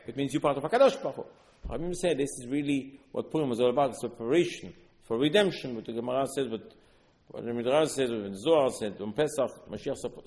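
A man giving an earnest Torah sermon, repeating words and bursting into loud emphasis. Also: mid-range voice. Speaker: religious teacher. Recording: long hall reverb.

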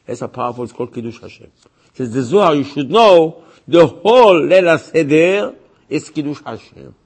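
A man's voice: a little high, lively intonation, normal speed, breathy edge. A man, a rabbi, giving a religious lecture in an emphatic way, repeating his points and acting out voices he quotes.

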